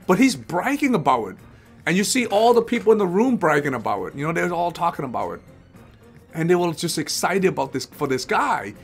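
A man's voice: on the high side, big pitch swings, a little fast, vocal fry, husky, faint music behind. A man hosting a live investing show in casual talk, rambling and often restarting his phrases as he acts out other people's words.

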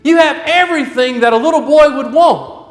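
A woman's voice: high-pitched, normal speed, voice pushed up, lightly acted. A man playing a doting, fussing mother. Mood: puzzled. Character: doting mother of twin boys. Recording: echoey church hall.

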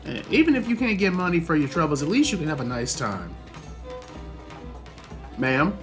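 A fairly high-voiced young man chatting through his game as he plays, excitable and talkative. He swears freely and bursts into loud reactions, with faint music playing underneath. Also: moderate pace. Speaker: gaming channel host. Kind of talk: casual gameplay commentary.

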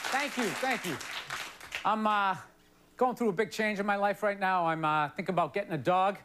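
A stand-up comedian rants in an exasperated, rambling way, tossing in "you know" at every turn. He is pitched rather high for a man. The broadcast carries loud audience laughter and steady noise behind him. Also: normal speed, a crowd in the background. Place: television studio stage with live audience.

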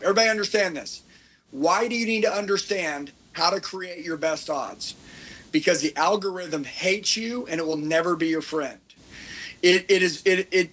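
A fired-up man with a husky, fairly high voice runs a motivational seminar. He talks intensely and preaches, often repeating his points and checking that the crowd is following him. His delivery sounds driven and insistent. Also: a bit bright, low-quality recording. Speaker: speaker teaching content creation. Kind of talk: energetic motivational seminar talk.

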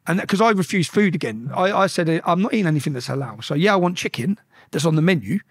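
Fast, animated man. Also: fairly high pitch, slightly rough. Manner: animated, profane, reenacts shouted exchanges. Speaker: podcast guest. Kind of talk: casual storytelling.

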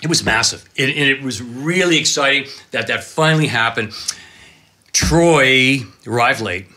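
A man in his fifties, a cameraman guest telling animated, excitable stories full of exclamations. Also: mid-range voice, unhurried. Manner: excitable, dramatic storyteller with exclamations and laughs.

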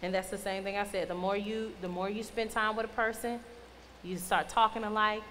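A young adult youth minister delivers a casual sermon in a church youth hall, talking in a conversational, playful, teasing way. Her voice is medium-pitched, steady, fairly bright and fairly quick. The recording carries long reverb and faint noise.

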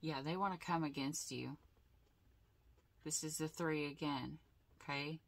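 A woman doing a casual tarot reading, blunt and animated, swearing freely. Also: sits low, measured pace. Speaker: tarot reader.

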